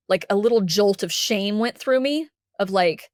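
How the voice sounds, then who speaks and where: A woman from Texas, a podcast guest, telling a personal story candidly and lively, acting out what people said. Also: medium pitch, moderate pace, few pauses, no room sound, studio quality. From Dallas, Texas. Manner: candid, animated, acts out the quotes.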